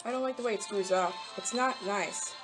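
A woman's voice: medium pitch, brisk, music in the background. A young woman giving casual, rambling commentary while playing mobile games, talking to the characters and getting frustrated. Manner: rambling, talks to game characters, easily frustrated. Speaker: mobile game channel host.

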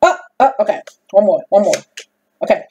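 A woman's voice: medium pitch, sing-song, a little fast, dark tone, dull audio, slight background noise. A woman giving a casual tarot reading, folksy and repeating her phrases for emphasis. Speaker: tarot reader.

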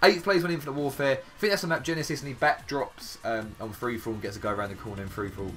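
A young man with an English accent giving casual, chatty commentary over game clips, swearing freely and handing out quick praise. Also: mid-range voice, fairly even intonation, a bit bright. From England. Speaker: gaming YouTuber. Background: background music.

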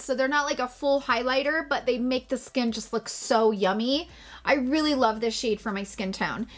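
A woman's voice: high-pitched, a bit bright. Gushing, chatty woman beauty vlogger. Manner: chatty and gushing, jokes at herself; casual swearing. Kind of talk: casual makeup tutorial.

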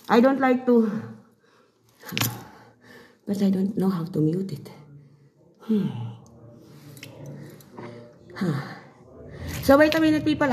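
A fairly high-voiced woman rambles into her phone as she walks through shops. Her English comes out chatty and broken. The recording picks up clear background noise around her. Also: darkish tone, poor audio. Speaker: vlogger. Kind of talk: casual vlog monologue.

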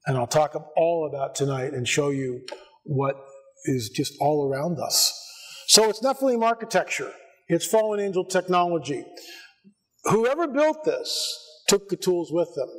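An American man giving a lively church conference talk, full of sarcastic asides and bursts that climb to near-shouts. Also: a little high, normal speed. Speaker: conference speaker. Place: church sanctuary before an audience.

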